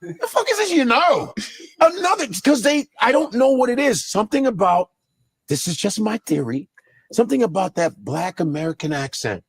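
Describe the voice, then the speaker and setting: High-voiced guy, swings his pitch all over, cursing a lot, dry close sound. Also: normal speed, breathy edge, no echo. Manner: animated, profane, slips into mock voices. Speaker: comedian guest. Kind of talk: casual chat.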